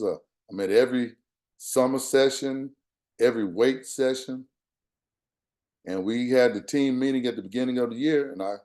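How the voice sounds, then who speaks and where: Mellow older man telling his story. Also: medium pitch. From Texas. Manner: earnest, conversational storytelling with quoted dialogue. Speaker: guest speaker. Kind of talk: storytelling talk.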